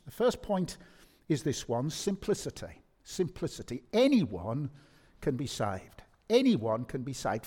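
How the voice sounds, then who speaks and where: A man with a Birmingham accent preaching a sermon to a congregation, emphatic and animated, often repeating words as he restarts. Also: high voice. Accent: Birmingham English. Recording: long reverb of a large hall.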